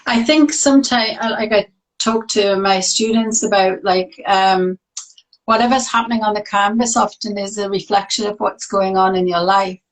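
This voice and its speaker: A woman who teaches art and coaches, hosting a relaxed chat on a video call and laughing often. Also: medium pitch, moderate pace, poor audio. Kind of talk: casual conversation.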